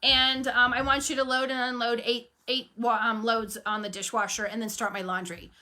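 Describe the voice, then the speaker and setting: A woman's voice: a little high, level tone, normal speed, sharp tone. A woman voicing a pushy, demanding female cleaning client who lists her demands one after another. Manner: listing demands in a row.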